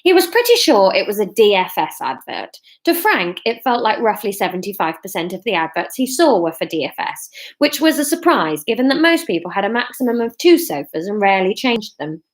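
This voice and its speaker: A woman in her thirties live-streaming a reading of her own novel from her living room, self-mocking and quick to laugh at herself. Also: mid-range voice, very animated.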